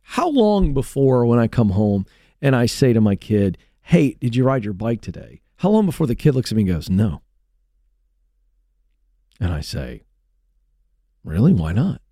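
Male host, middle-aged, lively pitch swings, emphatic, dry close studio sound. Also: moderate pace, no room sound. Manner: animated, storytelling, emphatic. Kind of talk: talk show monologue. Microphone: studio mic.

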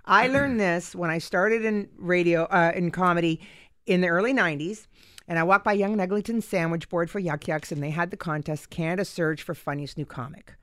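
A woman's voice: on the low side, a little fast. A middle-aged woman hosting a radio comedy talk show, playful and gushing as she introduces her guests. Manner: gushing and playful, laughs easily. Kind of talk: casual radio chat. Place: radio studio.

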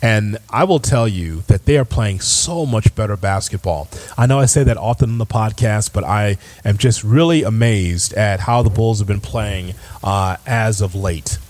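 A man's voice: fairly low pitch, moderate pace, few pauses, darkish tone. A man hosting a sports podcast, ranting in an exasperated, emphatic way. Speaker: podcast host. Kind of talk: opinionated sports commentary.

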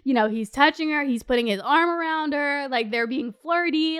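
High-voiced young woman, chatty and profane. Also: moderate pace, few pauses. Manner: animated, swears a lot, lots of "like" fillers. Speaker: podcast host. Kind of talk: casual storytime chat.

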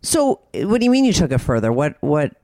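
Host type: probing interviewer, pointed questions, lively up-and-down delivery. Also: mid-range voice, fairly quick, vocal fry, dry recording, studio quality.

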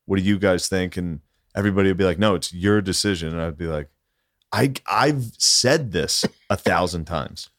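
A man's voice: low-pitched, moderate pace, a bit bright, no echo, clean studio sound. A man who is a comedian guest on a podcast, talking in a laid-back, self-deprecating way and swearing casually. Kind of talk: casual chat.

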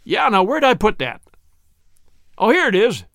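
A man's voice: high voice, sing-song, normal speed, creaky, fairly bright tone, no echo, clean studio sound, pitched above the performer's own voice, exaggerated voice. Male reader playing an old country cobbler, teasing and folksy, rustic drawl, voice nudged up a bit.

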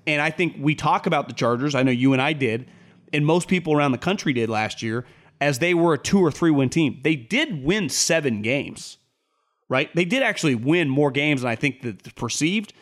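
A man's voice: fairly high pitch, lively intonation, moderate pace, a bit bright. A man co-hosting a sports podcast, rambling in casual chat and jumping his voice up to quote people. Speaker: podcast co-host.

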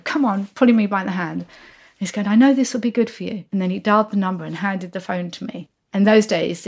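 A woman in her sixties, a podcast guest telling lively anecdotes and acting out the voices of people in her stories. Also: lowish voice, vocal fry. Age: 60s. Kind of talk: anecdotal storytelling.

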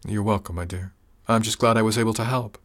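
A man voicing a kindly, wry older woman who works as an herbalist, speaking in a gentle, reassuring way. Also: lowish voice, steady tone, fast, close to an everyday voice.

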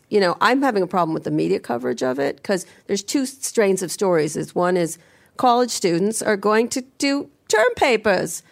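A middle-aged woman hosting a podcast, blunt and teasing, talking fast about tech in casual banter. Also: on the low side, vocal fry. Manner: blunt, teasing, rapid-fire. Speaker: podcast host.

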